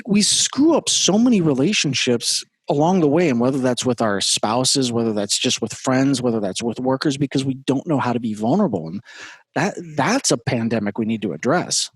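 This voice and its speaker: A middle-aged man with a husky voice, a podcast guest speaking passionately and emphatically. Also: mid-range voice, dry recording, clean studio sound. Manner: passionate, emphatic, many restarts. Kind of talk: casual podcast conversation.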